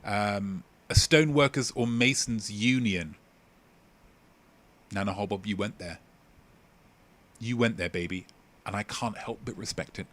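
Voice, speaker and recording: Young guy hosting a live quiz, lowish voice, jokey and rambly, reads out viewer answers. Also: moderate pace, a bit bright. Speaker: quiz host. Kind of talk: casual livestream quiz hosting.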